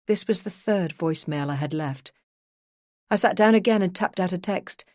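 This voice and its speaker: A woman with a fairly low voice narrates a first-person true crime audiobook, speaking as a detective. She tells the story in a steady, unhurried, measured and even way. The recording is close-miked in a dry studio with no room sound at all.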